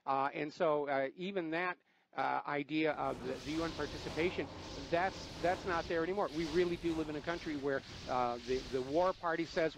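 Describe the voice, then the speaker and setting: A man's voice: a little high, fairly even intonation, a little fast, noisy background. A man hosting a talk radio show, asking questions and cutting in with pointed remarks, often hesitating with "uh". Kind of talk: radio interview.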